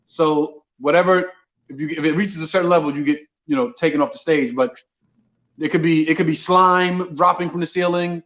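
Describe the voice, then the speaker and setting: New comedian telling a story, slightly high. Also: male voice, normal speed, muffled recording. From Brooklyn, New York. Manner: animated storyteller, acts out dialogue. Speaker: comedian guest. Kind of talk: casual storytelling.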